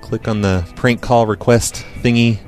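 A man hosts a casual call-in podcast at an ordinary pitch, his delivery dry and sarcastic. A faint music bed sits under his voice. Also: fairly even intonation, measured pace, a little mellow. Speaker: podcast host. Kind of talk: casual voicemail show banter.

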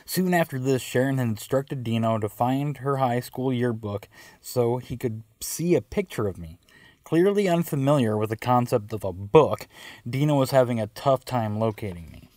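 A man narrates a story of his own in a wry, self-mocking way. His pitch sits in the middle, and the recording is dry and close. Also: animated, moderate pace, darkish tone, no room sound. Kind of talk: first-person storytelling.

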